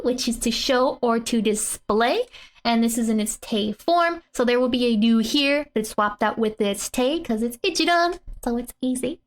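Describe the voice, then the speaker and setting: A woman teaching a casual language lesson from a comic, laughing often as she explains. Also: a little high.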